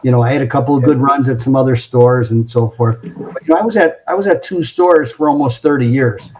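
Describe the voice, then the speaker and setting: A man's voice: medium pitch, brisk, darkish tone, low-quality recording. A middle-aged man telling car-sales stories in casual chat, laughing as he goes. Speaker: podcast guest. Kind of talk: casual storytelling. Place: home closet.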